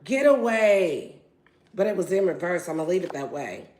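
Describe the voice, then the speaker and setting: A woman's voice: lowish voice, sing-song, normal speed, a little mellow. A woman giving a casual tarot reading in a brash, playful and profane way. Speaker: tarot reader. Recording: roomy echo.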